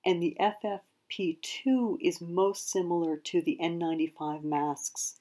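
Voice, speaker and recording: A woman's voice: fairly low pitch, fairly even intonation, measured pace, mellow. A woman hosting an explanatory video lesson, speaking carefully and correcting herself as she goes. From United States. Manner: careful, self-correcting, hedges with "I believe". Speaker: prepping channel host.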